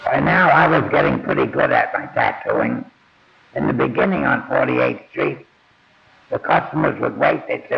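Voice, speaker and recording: A man's voice: mid-range voice, very animated, normal speed. An older man telling his own life story in a plain-spoken, blunt way, swearing casually. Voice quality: gravelly. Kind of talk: first-person memoir storytelling. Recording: dull lo-fi audio.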